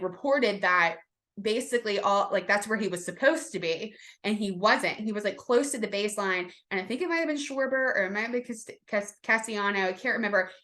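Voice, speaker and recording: Bright-voiced woman rambling about sports. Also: medium pitch. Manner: rambling, excitable, lots of "like" and restarts. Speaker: podcast co-host. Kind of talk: casual sports chat.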